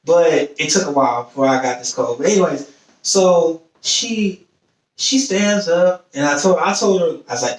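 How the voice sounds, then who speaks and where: A young man with a high, bright-sitting voice spins a casual story on a podcast, acting out each person's lines as he goes. He sits back from the mic, and the room around him rings with echo. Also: moderate pace. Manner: animated storyteller, acts out quoted voices. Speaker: podcast host. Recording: echoey room, distant mic.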